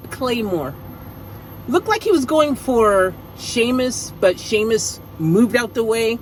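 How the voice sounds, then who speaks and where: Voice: mid-range voice, a little hiss or hum, low-quality recording. A wrestling show recapper chatting casually through a rundown, slangy and rambling, with jokey asides.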